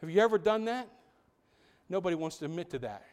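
A man preaching a sermon as pastor, animated, asking the congregation rhetorical questions and dropping into quiet asides. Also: high voice, fast talker.

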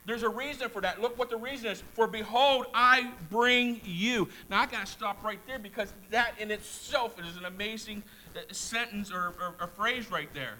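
A male preacher delivers an emphatic sermon. His voice sits high and rings with a very bright, sharp edge. He hammers key words by repeating them and throws questions out to the congregation. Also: normal speed, few pauses, rough recording. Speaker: pastor.

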